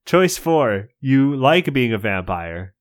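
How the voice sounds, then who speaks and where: A man's voice: medium pitch, sing-song, slow. A man reading a choose-your-own-adventure book aloud to friends as game master, playful and joking.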